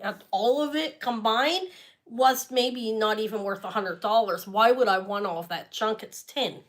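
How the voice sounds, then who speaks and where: A woman's voice: a little high, a little slow. A woman hosting a live jewelry sale stream, chatting casually and rambling as she talks straight to her viewers.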